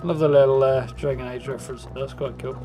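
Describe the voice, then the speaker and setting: A man's voice: medium pitch, fairly even intonation, fairly quick, mellow. Male streamer musing over gameplay. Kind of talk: live gameplay commentary. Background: game sound and music.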